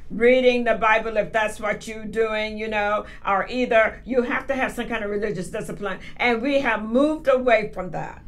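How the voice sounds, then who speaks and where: A woman's voice: a little high, a bit bright. A woman from the US South, a guest on a talk radio show, speaking in an earnest, thoughtful way about mentoring mothers.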